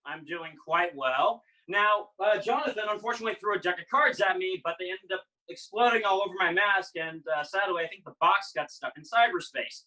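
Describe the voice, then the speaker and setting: A man's voice: high voice, brisk, few pauses, sharp tone, distant mic, low-quality recording. A man performing as an illusionist, delivering playful showman patter over a video call. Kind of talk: patter for a live online magic act.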